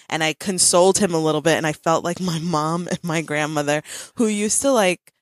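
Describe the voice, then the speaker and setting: A woman in her thirties chats as a podcast host, spinning a story with bursts of laughter. Her voice sits a little low. The sound is dry and close, with no room around it. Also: a little fast, no room sound. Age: 30s. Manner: animated storytelling with frequent laughs. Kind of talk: casual chat.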